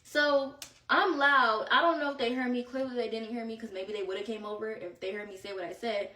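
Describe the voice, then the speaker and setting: A woman telling a vacation story in casual storytime style, animated and slangy, slightly out of breath. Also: a little high, a little fast, far from the mic. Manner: animated, slangy, quoting friends in bursts. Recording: echoey room, voice set back from mic.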